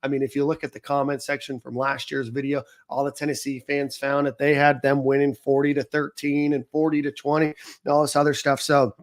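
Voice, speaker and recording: A man's voice: mid-range voice, monotone, brisk. A man hosting a sports podcast in casual chat, talking easily with many fillers. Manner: conversational, lots of fillers like um and you know. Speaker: podcast host.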